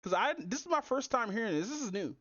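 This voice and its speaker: A woman with a high, swooping voice mocks what she watches in loose slang, often breaking into laughter. The sound is dull and lo-fi, with no room at all around it. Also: animated, fast, fairly bright tone, dry recording. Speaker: streamer reacting to a clip. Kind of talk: casual live-stream commentary. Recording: dull, dry lo-fi mic.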